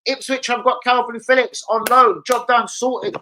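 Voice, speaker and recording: A young man hosting a casual football live stream, excitable, swearing and calling out viewers by name. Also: very high voice, moderate pace, a little hiss or hum. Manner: excitable, swears, calls out chat names.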